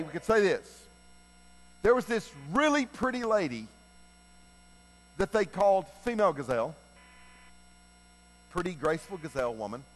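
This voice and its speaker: High-voiced male preacher in a reverberant hall. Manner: folksy, animated storytelling. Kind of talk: sermon retelling a Bible story.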